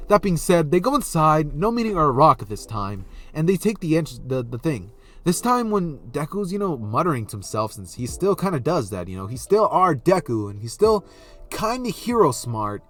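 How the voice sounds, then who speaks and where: A man casually improvising a fan story, rambling along and stopping to correct himself. His voice sits at an ordinary middle pitch.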